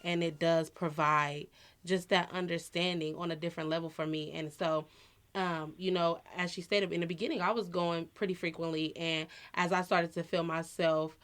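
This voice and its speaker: A woman's voice: on the low side, little pitch movement, normal speed, a bit bright. A woman in her thirties, a podcast co-host sharing personal stories in an earnest, reflective, conversational way.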